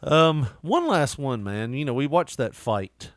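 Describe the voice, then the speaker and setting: A man's voice: mid-range voice, very animated, a little slow, no room sound, studio quality. A man co-hosting a podcast in casual, profane banter, laughing often. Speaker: co-host.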